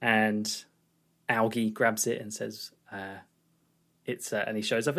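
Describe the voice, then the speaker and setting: A man's voice: fairly low pitch, little pitch movement, slow, creaky, pauses often, bright, forceful tone. A man co-hosting a film podcast, recapping scenes in a loose, rambling chat. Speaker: podcast co-host. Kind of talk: casual film review chat.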